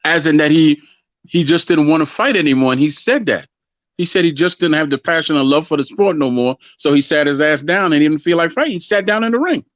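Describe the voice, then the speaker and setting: Man, fairly high voice, dry close sound, casual boxing debate, rambling, argumentative. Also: expressive, a little fast, no room sound, lo-fi sound. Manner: rambling, repeats himself, argumentative. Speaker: boxing show co-host.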